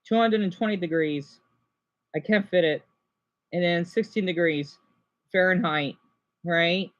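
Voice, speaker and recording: A man's voice: high-pitched, unhurried, fairly bright tone, highs cut off. A young man vlogging casually, rambling and interrupting himself while drawing a chart and airing complaints. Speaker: gaming vlogger.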